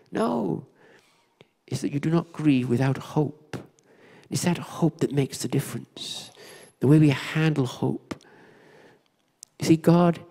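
A male pastor preaches in an earnest, storytelling way, his voice sitting a little higher than most men's. The sermon is recorded in a church with a long, reverberant echo that trails after his words. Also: mellow.

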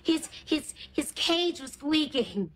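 A flustered, quick-tempered woman in a sitcom, her voice high and swinging all over. The TV audio carries loud background noise. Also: expressive. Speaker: sitcom housekeeper character. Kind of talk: sitcom acting before a live audience.

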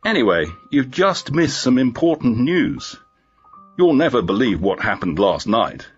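A man's voice: mid-range voice, very animated, unhurried, slightly rough, voice pushed up. A man voicing a friendly, teasing male police inspector. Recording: dull lo-fi with faint music.

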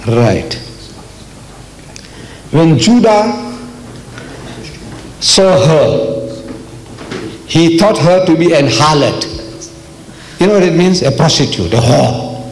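An older man delivers a religious lecture in a hall. His voice sits a touch high for a man, and he drives points home by repeating phrases and firing rhetorical questions at the audience. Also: lively intonation, slow pace, pauses often, darkish tone. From South Africa. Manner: emphatic, repetitive preaching with rhetorical questions. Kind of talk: public lecture.

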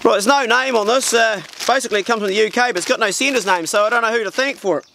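Speaking very fast in a high-pitched, gravelly voice, this New Zealand vlogger rips into parcels at an old farmhouse. His casual mail-opening chat is slangy and blokey, with background noise behind him.

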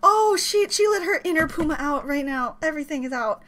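A woman hosting a reaction video, gasping, screaming and exclaiming nonstop as loud music plays. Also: high voice, lively intonation, fairly quick. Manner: screams, gasps and exclaims constantly. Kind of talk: excited reaction commentary. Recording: loud performance music behind.

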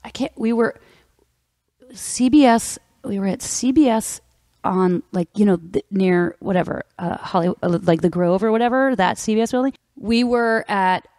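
A woman's voice: mid-range voice, normal speed, no echo, clean studio sound. A woman guest telling a long story in casual chat, acting out the people in it. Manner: animated, acts out the people in her story.

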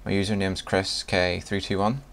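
This young Northern Irish vlogger has a low-pitched, creaky voice that's a bit bright, with a flat delivery at a moderate pace. Chatting casually in his Northern Irish accent, he reads a word list aloud word by word for a video, laughing between lines.

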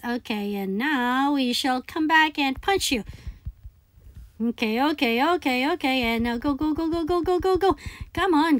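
A woman giving excited gameplay commentary, chanting repeated commands and calling game characters buddy. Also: high-pitched. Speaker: gaming channel host.

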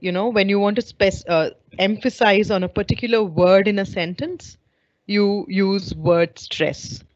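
A woman teacher trainer giving an online webinar lecture, explaining clearly and putting questions to her audience over a video call. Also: medium pitch, normal speed, hardly any pauses. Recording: dull lo-fi online call audio.

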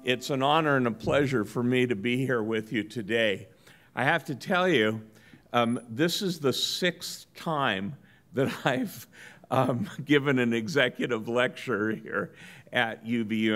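A middle-aged man from Southern California giving a business lecture in a measured, good-humored storytelling manner. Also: medium pitch, a bit bright. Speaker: guest lecturer.

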